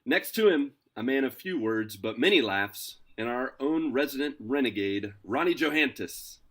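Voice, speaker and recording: A man hosting a casual podcast, introducing his co-hosts with energetic, playful hype. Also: mid-range voice, normal speed. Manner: energetic, hyped, playful announcer delivery. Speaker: podcast host.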